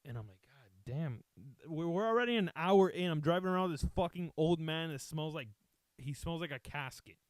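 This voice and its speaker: A man's voice: fairly high pitch, brisk, no room sound. A man telling a comic story in a casual, profane way, acting out what everyone said and slipping between English and Spanish. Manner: profane, animated, acts out quotes, switches between English and Spanish. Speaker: podcast host telling a story.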